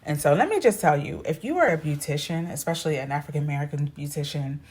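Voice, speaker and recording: Woman, low voice, chatty, animated, personal story vlog. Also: fast talker, slight background noise. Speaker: vlogger. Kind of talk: casual storytelling to camera.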